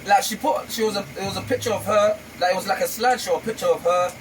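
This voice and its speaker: A man's voice: high voice, fast talker, distant mic, background noise. A man, guest on a barber shop interview, telling stories animatedly with lots of slang. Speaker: guest rapper. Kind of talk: casual interview chat.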